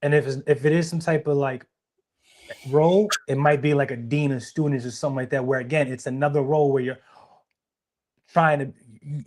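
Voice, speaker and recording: A man's voice: medium pitch, darkish tone. A young man, co-hosting a podcast in casual, emphatic conversation and often repeating himself. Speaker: podcast co-host.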